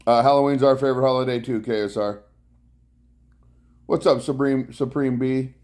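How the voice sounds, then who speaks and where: A man's voice: mid-range voice, steady tone, moderate pace, a little mellow. Guy lounging on his couch at home, live streaming, says hi to chat by name, wearing a clip mic. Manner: greets chat viewers by name between rambling stories. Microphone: clip-on mic worn from bike riding.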